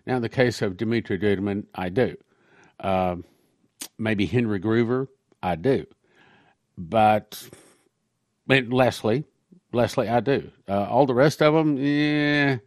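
A man's voice: on the low side, unhurried, long pauses, no room sound, studio quality. A man, a pastor, giving a conversational sermon-style talk on prophecy, reading quotations aloud between his own remarks.

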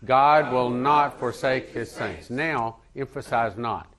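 A pastor preaching a sermon and praying in church, earnest, leading the congregation to repeat lines after him. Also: male voice, mid-range voice, slow, a bit bright. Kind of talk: sermon with prayer.

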